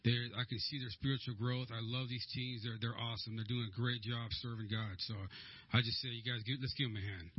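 A man's voice: mid-range voice, little pitch movement, brisk, husky, no room sound, muffled recording. A man giving a nervous, hesitant church testimony in a church, with many restarts.

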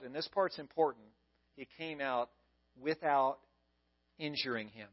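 A man's voice: fairly high pitch, measured pace, long pauses. A male pastor preaching a sermon in an emphatic way, repeating key phrases, on a dull lo-fi recording.

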